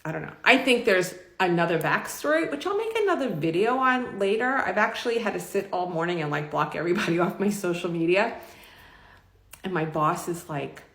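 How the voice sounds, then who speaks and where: A woman's voice: lowish voice, lively intonation, a little fast, a bit bright. A middle-aged woman telling a personal story to camera in a frank, emotional, rambling way. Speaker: vlogger. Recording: echoey room.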